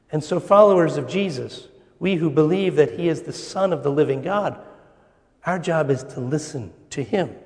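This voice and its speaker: A man preaching a sermon, slow and deliberate, with pauses. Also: fairly high pitch, creaky, darkish tone. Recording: long reverb of a church hall.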